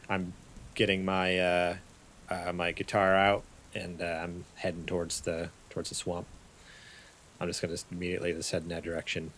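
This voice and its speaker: A man's voice: low voice, completely flat delivery, normal speed, fairly bright tone, a little hiss or hum. A man playing a tabletop game, talking hesitantly with fillers. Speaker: player.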